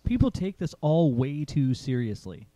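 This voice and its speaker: A man's voice: on the high side, very animated, measured pace, mellow, no echo. A man co-hosting a casual writing podcast, joking and stumbling over repeated words. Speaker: podcast co-host. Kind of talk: casual chat about writing.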